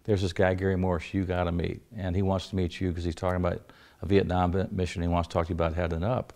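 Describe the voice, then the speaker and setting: Older male storyteller, deep gravelly voice, wry folksy delivery with dry asides. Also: flat delivery, quick pace, a little mellow. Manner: folksy, wry, chuckles through his punchlines. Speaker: interview guest. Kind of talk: anecdotal storytelling.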